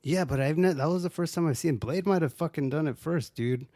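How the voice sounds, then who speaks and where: A man's voice: fairly high pitch, fairly quick, mellow, no echo, clean studio sound. A man casually recapping a movie on his own, rambling and swearing often, with lots of "dude" and "like". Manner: profane, rambling, says "dude" a lot. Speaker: podcast host.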